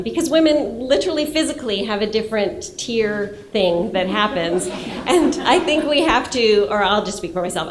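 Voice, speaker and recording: A woman on a film panel, frank and laughing at herself. her voice sits right in the middle, neither high nor low, and she comes across as open and unguarded as she tells her story. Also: a little hiss or hum. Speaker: filmmaker on a festival panel.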